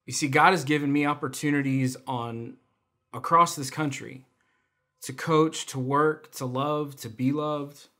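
A man's voice: a little high, fairly even intonation, unhurried, sharp tone. A young adult man giving a personal testimony in a church online service, telling stories with self-deprecating humor. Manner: self-deprecating storytelling with laughs. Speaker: church volunteer speaker.

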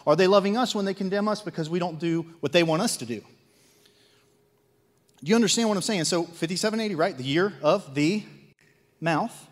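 A Midwestern American man preaching in a church sanctuary, his fairly high voice ringing with a long hall reverb. He jumps from fiery, emphatic bursts to quiet confiding asides and keeps pressing the congregation with rhetorical questions. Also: brisk, pauses often. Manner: swings between loud zealous outbursts and hushed asides; rhetorical questions, repetitions and acted-out quotes. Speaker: lay preacher. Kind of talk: sermon.

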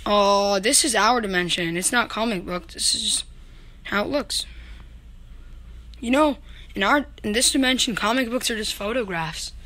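A woman voicing an excitable teddy bear in a homemade comic video, rambling and goofy, with whoops and lots of fillers. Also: medium pitch, moderate pace, natural voice. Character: excitable teddy bear hopping between dimensions.

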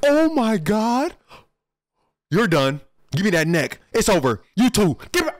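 A young man streaming his live reaction to an anime, talking in slang and jumping from low mutters to sudden excited yelps. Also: moderate pace, no room sound.

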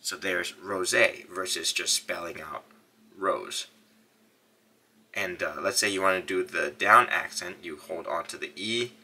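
A man hosting a casual phone tutorial, upbeat and energetic, talking while he demonstrates on a phone. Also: deep voice. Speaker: tech vlogger.

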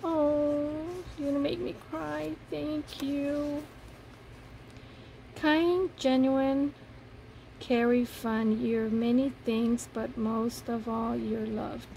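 A woman with a fairly high, gravelly voice unboxes craft gifts in a casual vlog. She talks slowly and softly, gushing over every piece with delight. A faint hiss sits under her mellow tone. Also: steady tone, rough recording. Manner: gushing, soft-spoken, admiring each item. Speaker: paper craft vlogger.

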